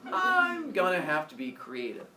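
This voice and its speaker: A man's voice: sits high, huge pitch swings, unhurried, pushed and bright, reverberant, distant mic, a little hiss or hum, full character voice. A man doing a sly scheming goddess. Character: scheming jealous goddess, plotting.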